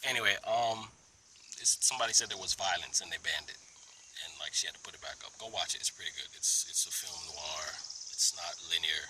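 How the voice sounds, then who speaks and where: A man telling a story to his phone camera in a park, animated, mimicking others in high voices and dropping to whispers. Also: brisk, slight background noise. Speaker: vlogger. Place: outdoor park, under a tree.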